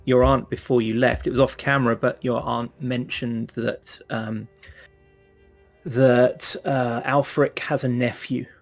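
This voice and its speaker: A man narrating a tabletop game as game master in a relaxed, halting way. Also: medium pitch, faint music behind.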